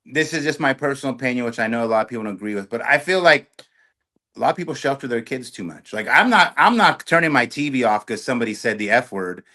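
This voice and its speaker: A middle-aged man, a storage auction YouTuber, talking on a podcast as a guest in an animated, talkative way. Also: mid-range voice, fast talker. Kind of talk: casual podcast chat.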